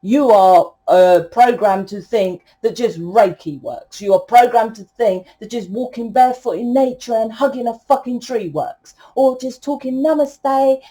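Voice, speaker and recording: A woman reading tarot cards for her viewers in a blunt, lecturing way, peppered with swearing and emphatic repeats. Her voice is mellow and on the darker side, at a medium pitch. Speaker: tarot reader.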